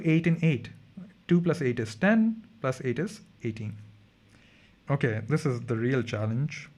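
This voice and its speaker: A man's voice: mid-range voice, darkish tone, dull audio. A young man tutoring chemistry in a casual revision lesson, chatty and thinking aloud as he corrects himself mid-sentence.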